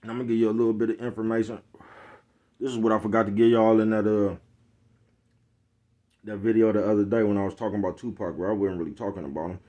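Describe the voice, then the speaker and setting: A man's voice: fairly low pitch, darkish tone. A man from East Oakland with a Bay Area accent, ranting bluntly in a casual monologue full of profanity and repeated check-ins with his listeners. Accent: Bay Area Black American English. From East Oakland, California. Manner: blunt, profane street talk, repeats "you know what I'm talking about". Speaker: vlogger.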